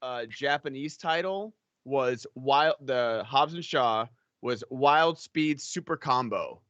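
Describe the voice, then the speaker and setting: A man co-hosting a podcast, chatting casually in an excitable, joking way. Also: mid-range voice, takes it slowly, dry recording, dull audio. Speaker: podcast co-host. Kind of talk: casual chat.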